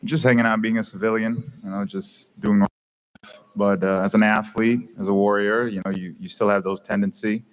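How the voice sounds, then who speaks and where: A man's voice: lowish voice, little pitch movement, normal speed, rough recording. A male fighter answering at a press conference in a laid-back way with short replies.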